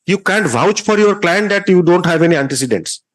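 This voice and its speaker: A man's voice: sits high, lively intonation, fairly quick. A man with an Indian English accent, presiding as a judge at a court hearing, sternly lecturing and rebuking counsel.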